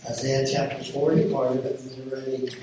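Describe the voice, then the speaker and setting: A man preaching a sermon as a pastor, earnest and measured in his emphasis. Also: mid-range voice, completely flat delivery, noisy background. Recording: echoey room heard from a distance.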